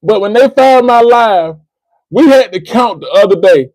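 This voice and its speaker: A man's voice: high voice, lively intonation, moderate pace, darkish tone, dry recording, poor audio. A man from the United States hosting a livestream, giving impassioned commentary, repeating phrases for emphasis and speaking to a listener by name. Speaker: livestream host.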